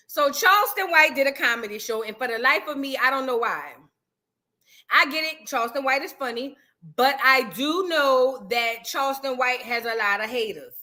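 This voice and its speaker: A woman hosting a casual reaction livestream, rambling in slang, reading chat and shouting out viewers. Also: high-pitched.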